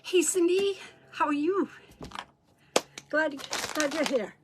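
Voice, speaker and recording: A woman's voice: high-pitched, slow pace, very noisy. A middle-aged woman hosting a craft livestream, chatting casually with viewers and greeting them by name. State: out of breath. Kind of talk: casual live chat with viewers.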